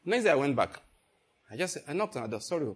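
With a fairly high pitch and a breathy edge, an older man preaches at a fast clip. His sermon centers on an animated story, and he calls out questions to the congregation.

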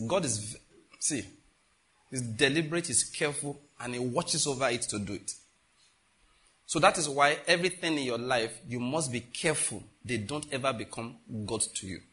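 A man preaching a sermon as pastor, emphatic, asking his congregation rhetorical questions. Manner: emphatic preaching, rising and dropping in pitch and loudness.

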